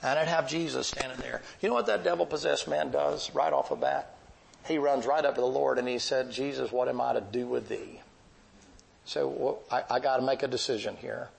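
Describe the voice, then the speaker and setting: A man's voice: medium pitch, fairly quick, vocal fry, a little hiss or hum, poor audio. A man preaching a sermon, telling a vivid Bible story in a folksy, emphatic way.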